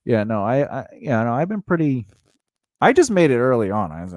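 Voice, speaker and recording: A man's voice: mid-range voice, lively intonation, a little fast, no room sound, clean studio sound. A man co-hosting a podcast, telling a story in casual chat. He acts out the quoted dialogue and laughs often as he goes. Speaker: podcast co-host.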